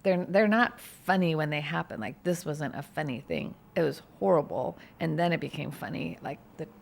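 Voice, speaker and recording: A woman lawyer co-hosting a podcast, telling stories in an animated, vivid way. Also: sits low, moderate pace, gravelly. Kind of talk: casual storytelling chat.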